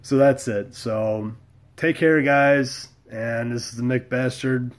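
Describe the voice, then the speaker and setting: A man's voice: medium pitch, fairly even intonation, slow pace. A middle-aged man from the United States telling a story to camera in a blunt, wry way, with mild cursing. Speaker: vlogger. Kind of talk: casual storytelling monologue.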